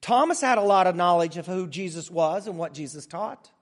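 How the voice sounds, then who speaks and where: A man's voice: high voice, expressive, long reverb tail. A man preaching a sermon to a gathered congregation, dramatic and emphatic, drawing out key words. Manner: dramatic, emphatic preaching with slow drawn-out phrases. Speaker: pastor. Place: large room with an audience.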